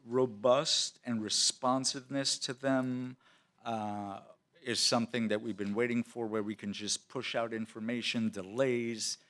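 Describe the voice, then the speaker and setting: A city department official answering questions at a council meeting in a conversational way, with many fillers and restarts. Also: male voice, mid-range voice, a bit bright.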